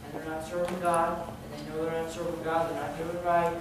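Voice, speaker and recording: A preacher in a very echoey church. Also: male voice, fairly high pitch, flat delivery, fairly quick. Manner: conversational preaching with frequent restarts and repeated words. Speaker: pastor. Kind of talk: sermon. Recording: very echoey hall, distant mic, background noise.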